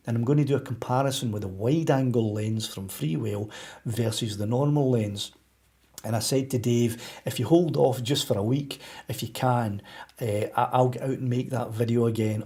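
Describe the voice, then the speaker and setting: A Scottish man hosting a casual live stream, chatting to viewers in a rambling, friendly way with frequent restarts and soft laughs. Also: mid-range voice. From Scotland. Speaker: YouTube drone channel host.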